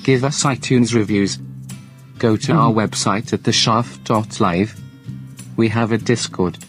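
A synthetic male text-to-speech voice reading a podcast outro in a flat, depressed-sounding monotone. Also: on the low side, measured pace, soft background music, lightly acted.

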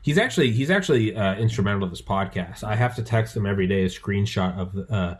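A podcast host rambles through a story, swearing freely and jumping into loud quoted voices. His voice sits low with a husky edge. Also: lively intonation, fast. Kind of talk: casual chat.

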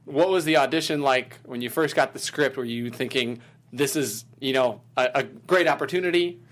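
A man's voice: medium pitch, normal speed, fairly bright tone. A man hosting a live-stream interview, asking long, loosely phrased questions. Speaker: interview host.

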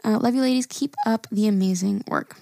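A woman's voice: mid-range voice, a little fast, creaky, darkish tone, no echo, clean studio sound. A woman co-hosting a casual podcast, reading listener emails aloud in a chatty, giggly way.

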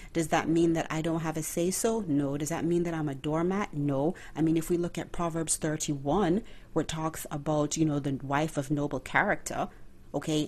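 A woman's voice: low voice, a little mellow. A woman hosting a faith-based podcast, talking earnestly and like a preacher, with rhetorical questions and direct address to her listeners. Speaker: podcast host.

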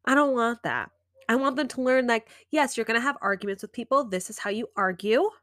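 A woman in her thirties hosting a podcast, giving casual advice and acting out inner dialogue in an animated way. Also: fairly high pitch, brisk, dry recording, clean studio sound. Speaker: podcast host.

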